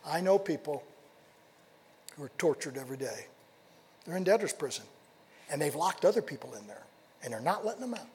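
A male pastor preaching a sermon, telling a story with animated delivery, asking rhetorical questions and dropping to quiet emphasis. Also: fairly high pitch, brisk, pauses often, a little hiss or hum. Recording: long hall reverb.

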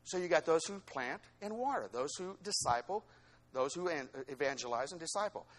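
A male pastor preaching a sermon, swinging between loud exhortation and quieter teaching asides. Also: on the high side, expressive, a little fast.

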